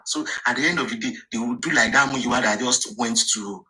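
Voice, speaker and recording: A man's voice: mid-range voice, brisk, sharp tone, rough recording. A man giving his opinion in a live discussion, earnest and emphatic, often repeating words. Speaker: participant in a live audio discussion.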